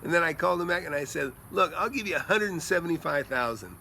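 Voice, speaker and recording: A middle-aged man telling rambling, animated stories as a real estate investor, chatting casually outdoors by a pool at night. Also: fairly high pitch, quick pace, gravelly, a little hiss or hum. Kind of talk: casual storytelling vlog.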